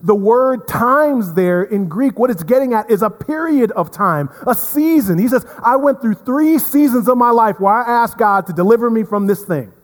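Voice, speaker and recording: A man's voice: very high voice, expressive, normal speed, few pauses. Earnest male pastor preaching in a hall. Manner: earnest, repeats words, swings from emphatic to hushed. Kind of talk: sermon. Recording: long reverb of a hall.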